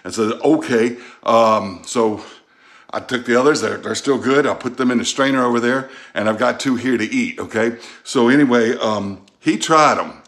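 A man's voice: medium pitch, normal speed. A middle-aged man from the Gulf South with a Southern accent, chatting folksily as he tastes food in a casual home cooking vlog. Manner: chatty, folksy, thinks out loud while tasting. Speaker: cooking vlogger.

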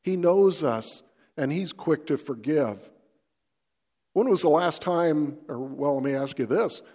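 Slow, folksy male pastor. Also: on the high side, a little mellow, in a large hall. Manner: folksy, conversational, asks the listener questions. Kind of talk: devotional sermon to camera.

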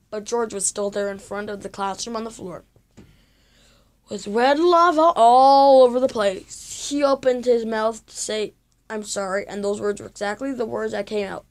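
Female reader for a children's book, slightly high voice, dramatic and expressive. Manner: expressive, dramatic storytelling with sound effects. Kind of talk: reading a children's chapter book aloud.

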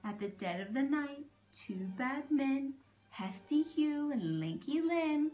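Lady reading a kids picture book, slow and lively, faint music behind. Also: high-pitched. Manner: animated, making animal noises and pointing out pictures. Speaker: storyteller.

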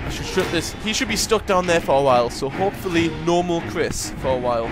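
Jumpy high-voiced man playing a horror game. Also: animated, fast, over music. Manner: jumpy, swears, swings from muttering to panicked shouting. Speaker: gaming commentator. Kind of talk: horror game let's play commentary.

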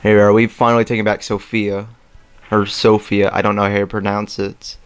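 A young man hosting a let's play, rambling casually with lots of fillers and throat clearing as he plays a strategy game. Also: on the low side, flat delivery, fast talker. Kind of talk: casual gameplay commentary. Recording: faint game music behind.

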